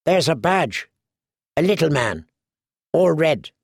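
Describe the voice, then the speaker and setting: A man voicing a tough wildling spearwoman who talks bluntly and gruffly. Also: on the high side, big pitch swings, slow pace, dry recording, studio quality, full character voice. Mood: blunt, pointing out. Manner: blunt, gruff, plain-spoken.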